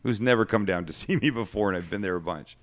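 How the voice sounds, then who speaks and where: Animated male host telling stories. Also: fairly low pitch, quick pace. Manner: animated storyteller acting out quotes. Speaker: cooking show host. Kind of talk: casual storytelling chat.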